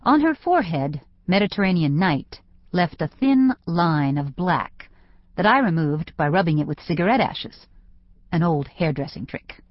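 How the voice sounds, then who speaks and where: A woman's voice: lowish voice, animated, moderate pace, no room sound. A woman narrating a novel in first person, with wry conversational storytelling. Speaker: audiobook narrator. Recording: dry, slightly dull studio audio.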